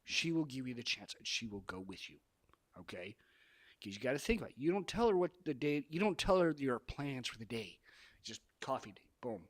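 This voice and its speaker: A man's voice: mid-range voice, big pitch swings, brisk. A man talking straight to camera, giving dating advice in an emphatic, preachy way, repeating phrases for effect. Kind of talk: casual advice monologue.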